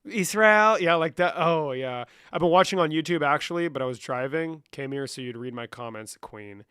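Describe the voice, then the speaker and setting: A man's voice: on the high side, normal speed, a bit bright, clean tone, no echo, clean studio sound. A young man live-streaming, casually reading chat comments and answering them with lots of swearing. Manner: profane, reads chat aloud and answers.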